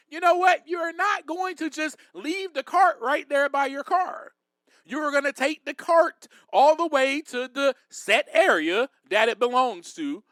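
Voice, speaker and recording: A man's voice: extremely high pitch, a bit bright, no echo. A man hosting a podcast and giving recovery advice in a direct, emphatic, preachy way. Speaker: podcast host.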